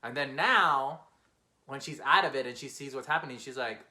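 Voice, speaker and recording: Man reacting to an album, quick and gushing, bright clear tone. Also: medium pitch. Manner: fast-talking, emotional, exclamatory. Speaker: music reaction host. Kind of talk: casual reaction commentary.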